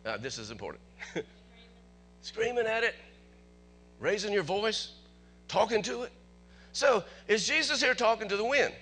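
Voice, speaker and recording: A man preaching a sermon as pastor, animated, asking the congregation questions and chuckling often. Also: high voice, unhurried, pauses often.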